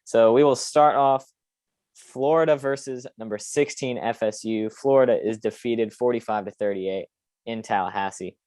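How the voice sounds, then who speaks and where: A man's voice: medium pitch, steady tone, normal speed, darkish tone, dry recording. A young man hosting a casual sports podcast, opinionated and rambling with lots of fillers. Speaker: podcast host.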